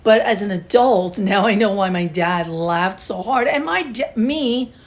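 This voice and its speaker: A woman's voice: medium pitch, expressive, unhurried. An older woman talking casually and emotionally to her viewers, rambling with sighs and restarts. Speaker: beauty vlogger. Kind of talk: casual talk to camera.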